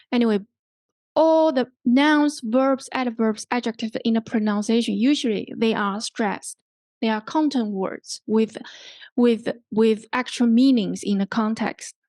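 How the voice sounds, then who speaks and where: A woman lecturing a workshop class in a slow, unhurried way, pausing and restarting her sentences as she explains. Her voice sits fairly high and sounds close and dry, with no room echo. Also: darkish tone. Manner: explains slowly with many restarts and fillers. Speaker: language workshop instructor.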